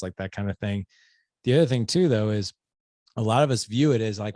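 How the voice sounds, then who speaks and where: Man, podcast host, low voice, dry close mic, casual, animated. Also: fairly quick, dry recording. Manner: animated, acts out quoted dialogue.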